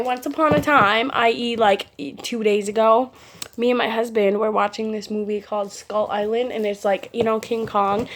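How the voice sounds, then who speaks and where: A woman's voice: a little high, a little hiss or hum. A young adult woman talking to camera in a casual, rambling vlog, chatty and giggly as she drifts between topics. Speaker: vlogger.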